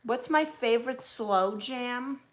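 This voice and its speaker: A Brooklyn, New York woman hosts a live stream, working through chat comments one at a time and firing back sassy, blunt replies. Her voice sits a little high and she speaks slowly.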